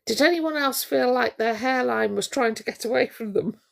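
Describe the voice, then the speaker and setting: A woman's voice: fairly high pitch, normal speed, vocal fry. A woman hosting a casual live stream, chatting to viewers in a gossipy, teasing way.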